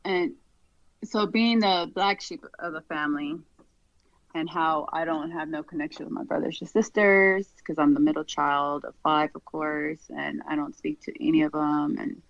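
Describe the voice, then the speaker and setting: A woman guest on a podcast, talking in a relaxed, rambling way with lots of fillers. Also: deep voice, normal speed, gravelly, no echo, dull audio. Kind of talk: casual conversation.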